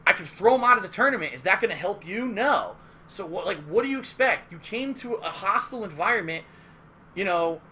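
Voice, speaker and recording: High-pitched guy with a sharp bright voice, swearing a lot while he tells a story on his stream. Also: slight background noise. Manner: animated, profane, emphatic retelling. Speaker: gaming streamer. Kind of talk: casual storytelling.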